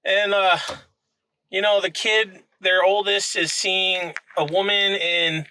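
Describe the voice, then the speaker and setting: A man's voice: sits high, level tone, slow, pushed and bright, slight background noise, rough recording. A man hosting a paranormal investigation vlog, talking in a laid-back, enthusiastic way with lots of fillers. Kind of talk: casual vlog intro and interview.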